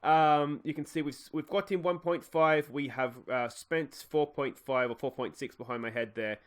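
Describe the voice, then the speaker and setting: A man's voice: on the high side, fairly even intonation, normal speed. An Australian man giving casual let's play commentary, chatty and thinking aloud with frequent fillers and self-corrections. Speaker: gaming YouTuber.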